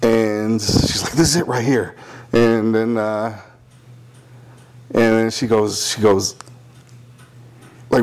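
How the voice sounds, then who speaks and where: A man's voice: lowish voice, slow pace, long pauses. Young man, casual storyteller, swears a lot, mimics people he quotes. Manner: profane, animated, quotes people in voices. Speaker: podcast co-host telling a story.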